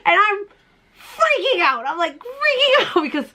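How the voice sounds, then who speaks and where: A woman hosting a crafting channel, telling stories in a casual chat, animated and quick to laugh as she acts out her own panic. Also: very high-pitched.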